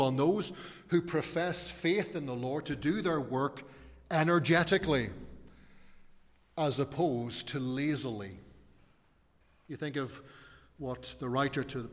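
Man preaching in a reverberant church. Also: mid-range voice. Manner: earnest, measured preaching with slow emphatic stresses. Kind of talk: sermon.

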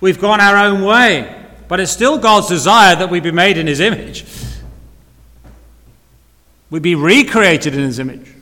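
A man's voice: high voice, a little slow, long pauses, sharp tone. Man, preacher, sermon, rhetorical questions, echoing church hall. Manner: earnest, repeats phrases, asks rhetorical questions. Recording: long reverb of a hall.

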